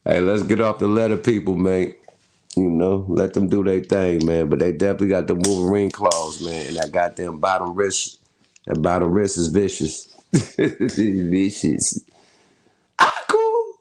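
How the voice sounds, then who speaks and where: A man's voice: deep voice, fairly even intonation, moderate pace, darkish tone. A middle-aged man hosting a casual commentary show, riffing loosely with slang and frequent laughs. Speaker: host.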